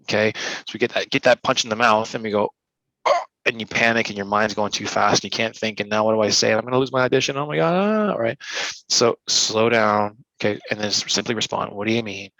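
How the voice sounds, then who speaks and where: A man who works as a speaker and coach, answering interview questions with lively advice and acting out short quoted exchanges. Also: on the low side, fast, no room sound, low-quality recording. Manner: energetic, acts out little scenes in quoted voices.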